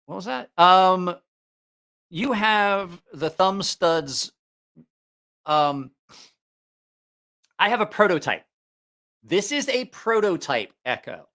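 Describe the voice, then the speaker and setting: A man's voice: sits high, sharp tone. A man with a slight Southeast Ohio accent hosting a casual livestream, rambling and correcting himself as he talks. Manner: rambling, self-correcting, chatty. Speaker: knife reviewer and channel host. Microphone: headphones on, studio mic.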